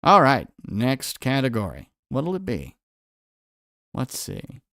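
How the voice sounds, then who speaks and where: A man's voice: mid-range voice, huge pitch swings, slow, fairly bright tone, no echo. Give me a man hosting a livestream quiz, asking his viewers questions and reading their replies, in a dry, close recording. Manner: quizzes viewers and reads out chat answers. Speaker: livestream host. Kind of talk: quiz-style livestream chat.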